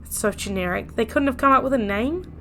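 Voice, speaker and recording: Young woman, gaming commentary, hoarse and cracking, a touch high. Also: a little fast, pushed and bright, slight background noise. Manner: playful, reads every character aloud. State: voice straining and cracking. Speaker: gaming YouTuber. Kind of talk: let's play with voiced reading.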